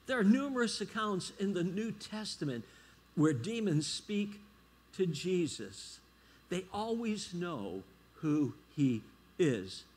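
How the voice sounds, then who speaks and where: Middle-aged male guest preacher, husky, slightly high voice, emphatic sermon delivery. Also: sing-song, slow pace, a little mellow. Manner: emphatic, checks in with the congregation.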